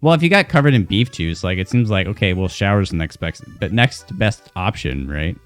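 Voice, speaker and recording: A young man streamer rambling through a funny story, animated and cursing freely, full of restarts. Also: low-pitched, fairly quick, soft background music. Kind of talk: casual storytelling.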